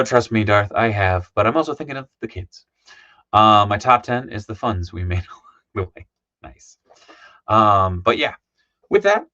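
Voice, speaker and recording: A man's voice: lowish voice, pushed and bright, no room sound. Man on a livestream, losing his voice. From Minnesota. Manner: rambling, lots of ums and uhs. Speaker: livestream host. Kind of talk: casual livestream sign-off chat. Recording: dull lo-fi dry sound.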